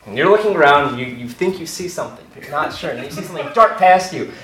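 A man's voice: on the high side, animated, fast, a bit bright. A young man telling a comic personal story on stage to a live audience, laughing and self-deprecating. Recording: echoey room from far off, faint noise.

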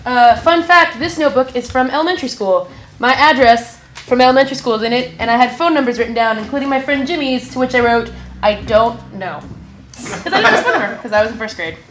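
A woman's voice: high-pitched, animated, fast, a little hiss or hum. A woman telling a personal story onstage before an audience, bashful and giggly, poking fun at herself. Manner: bashful, giggly, self-deprecating. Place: stage before a live audience. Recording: echoey room with audience laughter.

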